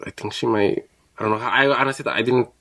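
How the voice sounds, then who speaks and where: A young man from New Mexico, co-hosting a podcast and telling a personal story in a relaxed, chatty way, slipping into Spanish now and then. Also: lowish voice, fast talker, gravelly. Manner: relaxed, slips into Spanish, laughs often. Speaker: podcast co-host. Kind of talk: casual chat, personal storytelling.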